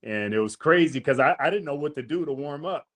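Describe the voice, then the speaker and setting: A man's voice: on the high side, expressive, brisk, a bit bright. A man hosting a podcast, casually telling a long story in slangy talk, acting out the quotes. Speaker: podcast host.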